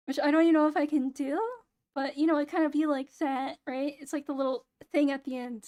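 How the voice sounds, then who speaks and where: A young woman with a fairly high voice chats casually to her stream in a hoarse, flat, near-monotone way. Her delivery stays low in energy and sounds close to tears. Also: fairly quick. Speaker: VTuber streamer. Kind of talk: casual late-night stream chat.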